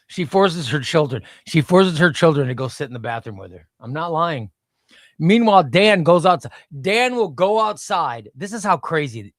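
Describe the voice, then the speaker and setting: A man's voice: on the high side, no echo, clean studio sound. A middle-aged man hosting a casual comic book livestream, rambling and reading chat aloud.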